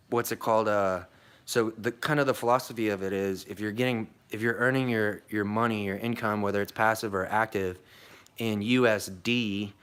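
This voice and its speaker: Rambling, profane low-voiced young man. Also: a bit bright, clear, resonant tone. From United States. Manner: rambling, profane, many fillers and restarts. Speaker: vlogger. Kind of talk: casual storytelling monologue.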